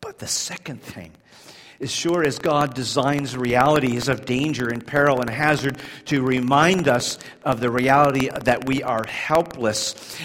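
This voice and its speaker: A man preaching a sermon, swinging from hushed, slow passages to loud, high-pitched emphasis and often repeating words as he builds. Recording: long hall reverb.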